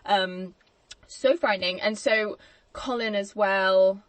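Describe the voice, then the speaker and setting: A woman hosting a casual film podcast, chatty and quick to laugh, who slips into little acted-out quotes. Her voice sits at a middle pitch. The recording is dry and close, with no room sound. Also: dry recording. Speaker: podcast host.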